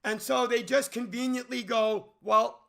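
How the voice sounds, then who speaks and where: A man with a high, gravelly voice rants about a movie off the cuff. He sounds bright and edgy as he rambles, stammers and restarts, and he keeps asking incredulous questions. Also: lively intonation, a little slow. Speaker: movie commentary channel host. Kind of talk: unscripted movie rant.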